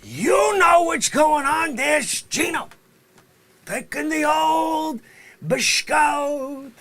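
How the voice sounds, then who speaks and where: A man hosting a comedic vlog, excitable and rambling, swinging from shouts down to whispers. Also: very high voice. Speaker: host.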